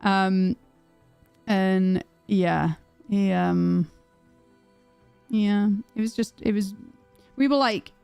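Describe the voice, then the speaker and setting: A woman's voice: medium pitch, extremely slow, vocal fry, long pauses, clean tone, dry recording, faint music behind. Chatty woman streamer, dry close mic. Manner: animated, swearing, reads chat aloud. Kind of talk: casual livestream chat.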